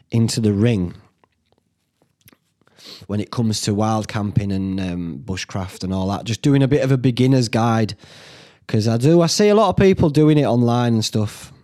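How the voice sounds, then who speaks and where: Sweary, chatty host. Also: male voice, mid-range voice, mellow. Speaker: podcast host. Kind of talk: casual solo podcast chat. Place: indoors at home.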